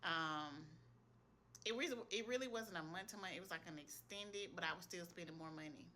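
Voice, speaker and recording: A woman's voice: lowish voice, a little fast, background noise. A woman, an esthetician, telling viewers a personal faith story in a casual, earnest testimony, speaking straight to them. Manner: earnest, retells what she heard in prayer.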